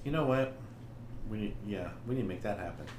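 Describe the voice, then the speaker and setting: A man's voice: on the low side, lively intonation, a little fast, echoey room, background noise. A man co-hosting a casual podcast, reading listener submissions aloud in a frank, joking way. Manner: frank, joking, laughs often. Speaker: podcast co-host.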